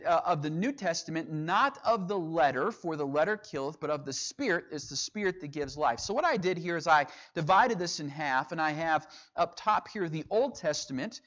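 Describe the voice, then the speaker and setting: A man's voice: on the high side, a bit bright. A man teaching a sermon, reading scripture aloud and explaining it verse by verse. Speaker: preacher. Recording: dull lo-fi sound.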